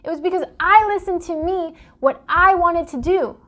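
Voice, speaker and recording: Young woman coach ranting to camera, high voice, gets all fired up, keeps asking why. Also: normal speed, a bit bright. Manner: impassioned, full of rhetorical questions. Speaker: life coach and dream interpreter. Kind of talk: direct-to-camera vlog monologue.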